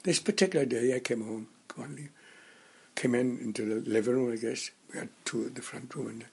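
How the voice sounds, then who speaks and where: A man in his nineties reminiscing in casual conversation, a halting storyteller who rambles and restarts his sentences. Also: medium pitch, gravelly, a little mellow, breathy edge. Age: 90s. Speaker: interviewee.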